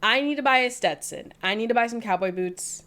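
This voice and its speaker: A woman's voice: on the high side, brisk, sharp tone. A woman from the American South co-hosting a podcast, talking in a playful, joking, self-mocking way. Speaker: podcast co-host. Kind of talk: casual chat.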